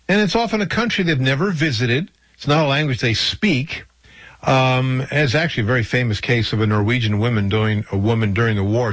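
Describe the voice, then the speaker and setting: A man talks casually on the radio, stopping and restarting his thoughts as he goes. His voice has a husky edge. The sound is dry and close, with no room echo. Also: mid-range voice, a bit bright. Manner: conversational, with frequent fillers and restarts. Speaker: radio talk host.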